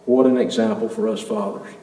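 A man's voice: lowish voice, fairly even intonation, a little fast, mellow, a little hiss or hum. A man preaching a sermon in a church, earnestly putting rhetorical questions to the congregation. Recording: echoey hall, mic at a distance.

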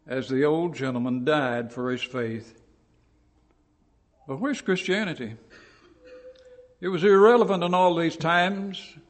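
A man preaching a sermon in a church, telling stories with dramatic build and shouting out quoted lines. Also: on the high side, in a large hall.

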